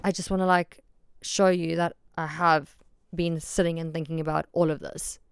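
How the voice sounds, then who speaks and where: Frank, low-voiced woman podcaster. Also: level tone, normal speed, clean tone, no echo. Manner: frank and self-deprecating, swears freely; emphatic, repeats herself. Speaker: podcast host. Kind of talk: candid solo podcast monologue.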